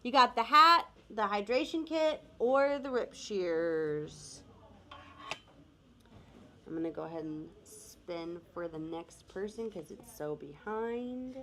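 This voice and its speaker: A woman's voice: medium pitch, expressive, slow pace, pushed and bright. An American woman co-hosting a live giveaway stream, bubbly and laughing often, calling out the winners. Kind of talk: casual live-stream chat.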